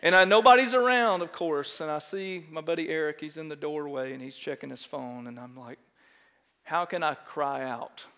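A middle-aged pastor with a Texan accent, preaching a sermon and telling a self-mocking story in an animated way, often checking in with "right?". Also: male voice, a little high, fairly quick, few pauses. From Texas. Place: large church sanctuary. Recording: long church hall reverb.

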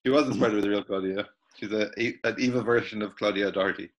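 Low-voiced relaxed filmmaker man. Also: quick pace. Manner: relaxed, hesitant, chuckling. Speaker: film director and writer. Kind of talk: casual panel chat. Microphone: video call.

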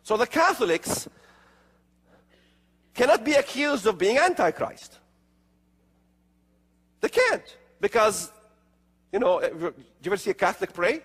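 A man's voice: high-pitched, very animated, unhurried, long pauses, a bit bright, slightly rough. A man giving an emphatic religious lecture, firing rhetorical questions with sarcastic asides. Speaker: religious speaker. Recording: long hall reverb.

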